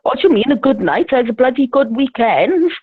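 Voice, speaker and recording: A woman's voice: high-pitched, sing-song, brisk, slightly rough. A woman telling a rambling, swear-filled story over the phone, laughing often. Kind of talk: casual storytelling chat. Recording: tinny phone line.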